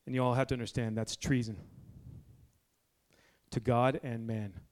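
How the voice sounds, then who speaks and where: A man in his forties preaching a blunt, fiery sermon to a men's group indoors, moving between low, quiet stretches and loud exhortation. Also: level tone, normal speed. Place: indoor room with a gathered group.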